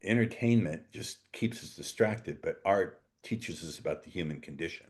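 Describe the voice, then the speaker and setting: A man's voice: sits low, moderate pace, darkish tone. A man hosting a podcast interview, joking and talking with theatrical emphasis. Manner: playful, jokey, theatrical emphasis. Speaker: podcast host.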